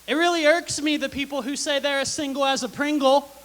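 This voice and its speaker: A woman's voice: sits high, fairly even intonation, a little fast, poor audio. A young woman doing a stand-up comedy set on a theater stage, delivering sarcastic, dry punchlines into a stage mic. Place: theater stage before a live audience.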